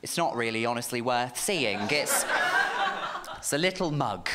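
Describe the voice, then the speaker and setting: A man's voice: medium pitch, animated, measured pace. A man in his thirties telling a camp, chatty stand-up story on stage, checking in with the crowd. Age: 30s. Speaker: stand-up comedian. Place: comedy club stage with a live audience. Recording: noisy live club recording.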